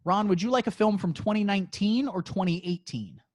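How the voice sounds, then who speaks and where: A man's voice: high voice, fairly quick. A man co-hosting a crude comedy podcast and running a movie quiz, talking in a playful, teasing, mock-boastful way.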